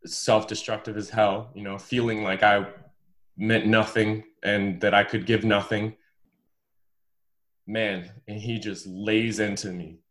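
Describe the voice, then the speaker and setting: A man from the United States, a former pro volleyball player, telling his story as a podcast guest in an emphatic, animated, casual way. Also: on the low side, measured pace. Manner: emphatic and animated, repeats words, says "bro".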